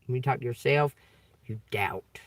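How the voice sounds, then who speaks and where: On a tarot livestream, a man with a mid-range voice and a normal pace reads scripture aloud, then riffs on it casually, asking "okay?" again and again. He preaches emphatically, swearing and laughing as he goes.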